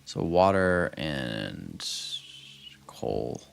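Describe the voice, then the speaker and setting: A man's voice: a bass voice, sing-song, drawn-out words, gravelly, a little hiss or hum. A man casually commenting while he plays a building game, thinking aloud, trailing off and restarting, muttering counts and chatting back to viewers. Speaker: game streamer.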